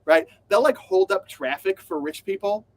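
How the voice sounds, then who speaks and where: A podcast co-host with a high, somewhat dark male voice chats animatedly at a moderate pace during a casual news discussion. He swears and acts out quotes in funny voices.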